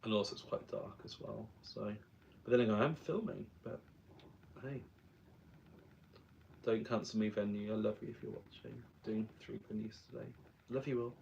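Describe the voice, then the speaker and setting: A man's voice: lowish voice, normal speed, gravelly, pauses often, a little mellow, lo-fi sound, a little hiss or hum. A young man chatting casually while doing his drag makeup, rambling with self-mocking asides. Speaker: drag performer and vlogger.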